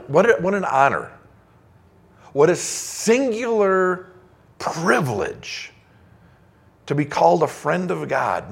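A man's voice: on the high side, gravelly, husky. A male pastor preaching a sermon, reading scripture aloud in an emphatic, conversational way.

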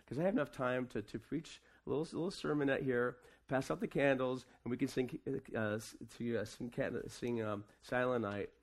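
A man preaching a sermon to his congregation, asking them questions and swinging between quiet, casual asides and raised proclamation. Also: medium pitch, moderate pace, few pauses. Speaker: pastor.

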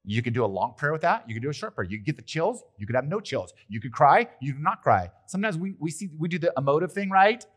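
A male pastor preaching a sermon in a church, talking in a lively, conversational way with playful asides. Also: fairly high pitch, quick pace, few pauses. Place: church hall.

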